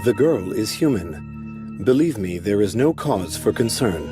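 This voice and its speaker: A man voicing a calm, emotionless stone golem lord in an anime English dub, speaking in a measured, flat way. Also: fairly low pitch. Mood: calm, grave. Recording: soundtrack music behind.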